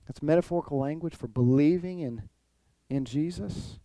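Male pastor, animated sermon delivery, mellow tone, dry close sound. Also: mid-range voice, fairly quick, creaky, dry recording. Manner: animated, acts out quoted voices, repeats phrases.

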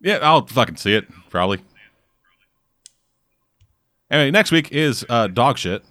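A man's voice: medium pitch, expressive, fairly quick, sharp tone, dry recording. A man hosting a casual podcast, talking in a rambling, sarcastic way and swearing often. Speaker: podcast host.

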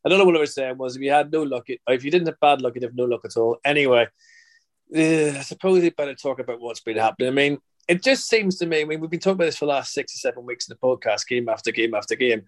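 A man's voice: medium pitch, quick pace. Belfast guy rambling on a footy podcast, chatty, jokes around. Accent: Northern Irish, Belfast. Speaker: podcast host. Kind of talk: casual podcast chat.

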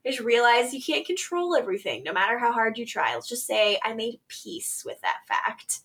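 Animated woman recapping with laughs. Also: fairly high pitch, normal speed. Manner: animated, laughs often, acts out quotes. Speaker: podcast co-host. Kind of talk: casual recap chat.

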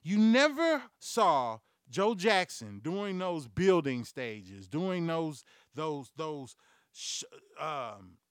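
A man hosting a comedy news podcast, ranting loudly and profanely, acting out quoted voices as he tells stories. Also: a little high, very slow, clean tone, dry recording, clean studio sound. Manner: profane, loud, animated storytelling. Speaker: podcast host.

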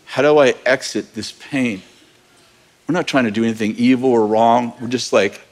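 A pastor tells a personal story from the pulpit in casual, candid sermon storytelling, breaking into bursts of laughter now and then. He has a mid-range voice with fairly even intonation and a moderate pace.

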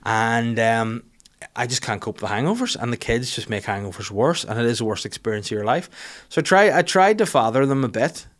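A man's voice: mid-range voice, brisk. A man, telling funny self-deprecating stories about his life in casual, sweary talk. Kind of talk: casual storytelling monologue.

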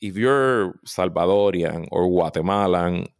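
Guy talking politics on a podcast, lowish voice, dry close mic, pushes his points hard. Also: unhurried, no echo. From Puerto Rico. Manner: emphatic, animated, repeats for stress. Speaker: political consultant guest. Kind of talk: podcast interview.

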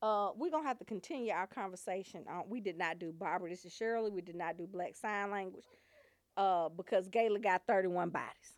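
A woman telling profane comedy stories, loud and animated, swearing and laughing often. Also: mid-range voice, a little fast, dry recording.

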